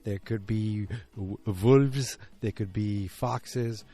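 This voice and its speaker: A man's voice: lowish voice, slow pace, warm tone. A man hosting a podcast, recapping an episode in a casual, rambling way with lots of fillers and restarts. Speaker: podcast host.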